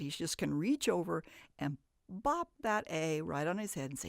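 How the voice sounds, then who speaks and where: A woman leads a phonics lesson in a dry, close-sounding recording. She explains things patiently and step by step, lifting her voice to stress each sound she demonstrates. Her voice sits low with a gravelly edge. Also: animated, moderate pace, no room sound. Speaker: reading teacher.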